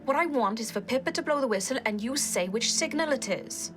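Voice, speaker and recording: A woman, playing her character at a tabletop game, animated and lively. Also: on the high side, a little fast, over music. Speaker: player.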